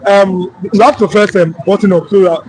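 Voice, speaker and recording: Hesitant co-host. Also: male voice, high voice, steady tone, normal speed, background noise. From Nigeria. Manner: hesitant, many ums. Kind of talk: casual live-stream chat.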